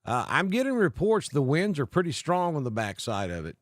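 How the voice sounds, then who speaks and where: A man's voice: on the high side, sing-song, dry recording, studio quality. Folksy Southern man reading off weather greetings. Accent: Southern US, Alabama with north Georgia mountain mix. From Alabama. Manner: folksy, unhurried, greets viewers by name. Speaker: weather livestream host. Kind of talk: live weather stream, reading viewer comments. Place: home in northeast Georgia.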